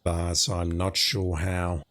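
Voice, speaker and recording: A man's voice: low voice, flat delivery, takes it slowly, fairly bright tone. A man giving casual commentary while playing a video game, thinking aloud as he goes. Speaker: let's play commentator.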